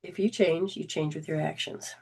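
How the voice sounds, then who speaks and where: Here the host, a spiritual healing coach, has a low, slightly rough voice and a moderate pace. She talks earnestly and conversationally, restarting sentences often and briefly reenacting past dialogue in animated voices.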